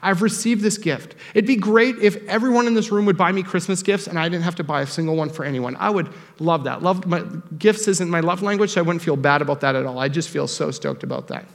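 Young guy pastor giving a chatty, jokey sermon, kinda gravelly higher voice, church hall echo. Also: fast, few pauses. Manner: animated, joking, conversational preaching. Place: church sanctuary. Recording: long reverb of a church hall.

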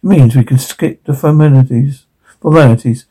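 A man reading as a smooth, formal vampire. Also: mid-range voice, normal speed, warm tone, lightly acted. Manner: polite, formal, controlled. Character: wealthy, smooth-talking male vampire host. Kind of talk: reading a TV episode aloud in character.

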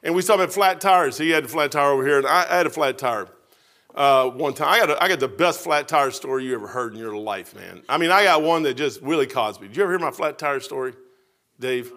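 A middle-aged man preaching in a folksy, animated way, telling a long personal story to his congregation. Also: medium pitch, fast. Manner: animated, folksy storyteller with Southern-style grammar.

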